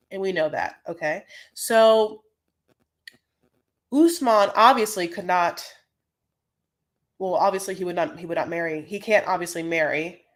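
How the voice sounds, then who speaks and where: A woman hosting a casual live recap of a reality show, talking in a chatty, rambling way full of "like"s and quick asides. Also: medium pitch, fairly bright tone. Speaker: host.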